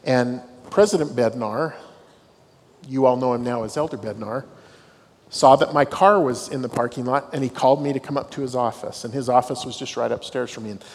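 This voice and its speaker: Talking a little fast in a mid-range voice with a breathy edge, a middle-aged university dean of students shares a devotional talk. He tells stories and pokes dry fun at himself, his voice carrying long reverb in a large hall on campus.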